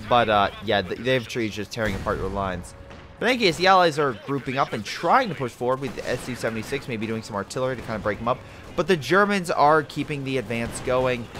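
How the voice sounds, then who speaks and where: Male game caster, average pitch, very lively delivery, casual and profane. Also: a little hiss or hum. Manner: animated, swears, talks to the players. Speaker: game commentator. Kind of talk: casual gameplay commentary.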